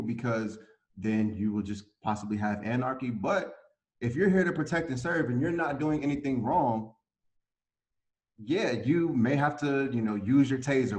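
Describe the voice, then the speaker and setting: A man leads a panel discussion, laying out his reasoning before he asks the question. His voice sits in an ordinary middle range. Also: mid-range voice. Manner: questioning, builds a point step by step. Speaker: host.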